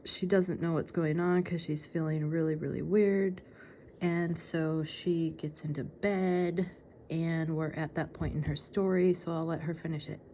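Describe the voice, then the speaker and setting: A woman with a slight lisp talks to camera in a casual, earnest way. Her voice is mellow and a little low, and faint noise sits under it. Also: steady tone, unhurried. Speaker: vlogger.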